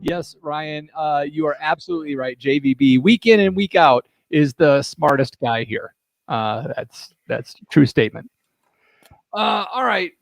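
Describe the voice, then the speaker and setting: A man's voice: fairly high pitch, expressive, measured pace, vocal fry, dry recording. A man hosting a casual podcast chat, reading out guesses with lots of fillers. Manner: reads out guesses with many fillers.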